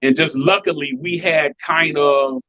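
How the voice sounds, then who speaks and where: A man from Chicago tells stories in a relaxed interview and slips into the voices of the people he quotes. His voice sits a little high, and the sound is dry and somewhat dull, as if recorded on a modest mic. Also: measured pace, no echo. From Chicago, United States. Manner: animated, acts out quoted voices. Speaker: DJ and producer, interview guest. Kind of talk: casual storytelling interview.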